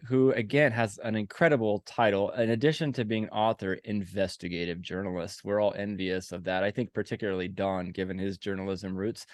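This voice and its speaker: A man's voice: mid-range voice, dry recording, studio quality. A man in his forties hosting a podcast, telling stories in a rambling, self-mocking way. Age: 40s. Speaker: podcast host. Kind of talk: casual podcast chat.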